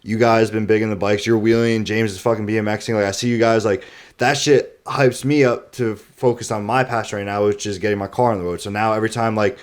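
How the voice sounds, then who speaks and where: A young man talks fast in loose, excited podcast chat. He swears freely and acts out other people's lines as he goes. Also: on the low side. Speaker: podcast co-host. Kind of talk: casual chat.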